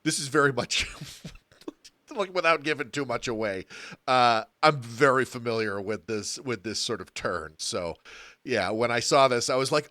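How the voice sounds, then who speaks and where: A man's voice: mid-range voice, normal speed, pushed and bright, dry recording, clean studio sound. A man co-hosting a podcast, talking casually and bluntly about an old film and swearing freely. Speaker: podcast co-host.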